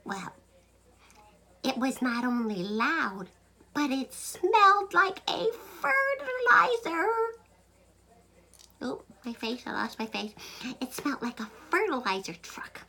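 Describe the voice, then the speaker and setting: A woman telling a funny story to camera in an animated, playful way, sometimes dropping into whispers. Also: high-pitched, slow pace, long pauses. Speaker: joke teller, host.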